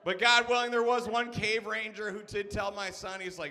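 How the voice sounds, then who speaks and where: A man in his thirties performs stand-up in a high, bright voice. He rants in an exasperated way, swears freely and punches each beat with a quick "okay?". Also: steady tone, slight background noise. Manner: exasperated, profane ranting with punchy asides; frequent "okay?" and "all right?" tags. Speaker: stand-up comedian. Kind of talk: stand-up comedy set.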